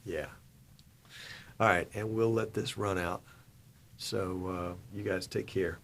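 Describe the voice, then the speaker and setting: A man's voice: sits low, fairly even intonation, takes it slowly, vocal fry, a little hiss or hum. A middle-aged man from Virginia hosting a livestream, chatting casually and reading viewer comments in a folksy way. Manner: folksy, chatty, reads comments aloud and laughs. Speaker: livestream host.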